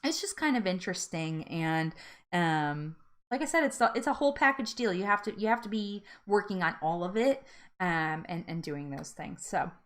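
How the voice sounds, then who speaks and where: A woman's voice: fairly low pitch, lively intonation, normal speed. Chatty woman hosting a live stream. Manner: earnest and chatty, many fillers and restarts. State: teary and laughing through tears. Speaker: host of a live weight loss support chat. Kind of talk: casual live-stream chat.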